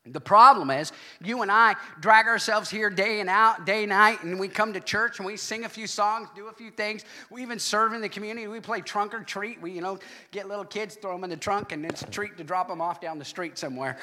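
A man preaching a sermon to his congregation, animated, with loud exclamations and hushed asides. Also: high voice, a little fast. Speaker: pastor.

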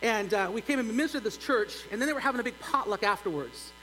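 A middle-aged male pastor telling a humorous story in a sermon, animated and building to loud exclaims. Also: high-pitched, fast. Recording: long church reverb, faint hum.

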